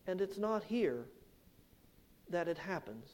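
A man preaching a sermon, slow and emphatic, swelling louder on key points and dropping low and soft at the ends of phrases. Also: very animated. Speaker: pastor.

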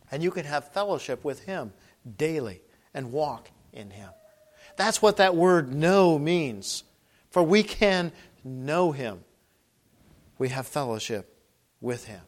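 A man preaching a sermon as pastor, earnest, asking rhetorical questions and rising to emphatic calls. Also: high-pitched. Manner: rhetorical questions with long pauses.

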